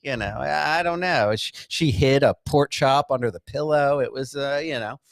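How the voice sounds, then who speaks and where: A man's voice: mid-range voice, vocal fry, no room sound. Middle-aged man, co-host, crude casual chat, lots of ums and restarts, dry close sound. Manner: halting, full of fillers and restarts. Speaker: podcast co-host.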